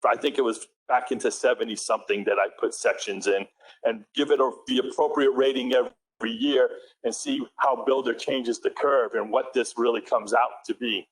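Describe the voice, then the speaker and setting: A man with a New England accent giving a talk at a conference. He speaks at a mid pitch, easygoing and conversational, often correcting himself mid-sentence and asking the room questions. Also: fairly even intonation, normal speed, slightly rough, poor audio. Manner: conversational, self-correcting, asks the audience questions. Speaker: conference presenter. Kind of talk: technical conference presentation.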